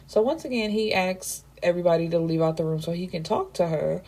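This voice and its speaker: A woman book reviewer casually recapping a novel, chatty and emphatic, reacting out loud to the story. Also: fairly low pitch, a little fast.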